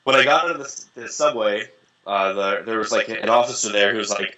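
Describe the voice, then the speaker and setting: A man's voice: fairly low pitch, fairly quick, dull audio. A young man, a guest in an interview, telling casual, profane anecdotes and acting out what people said. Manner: animated, profane, acts out quoted voices. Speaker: interview guest, dating coach. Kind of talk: casual storytelling.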